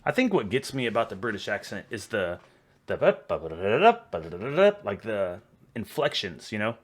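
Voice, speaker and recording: A man's voice: on the low side, lively intonation, brisk, fairly bright tone. A man with a Texan accent, casually reacting to video clips, chatty and often laughing. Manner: chatty, laughing, stumbling over words.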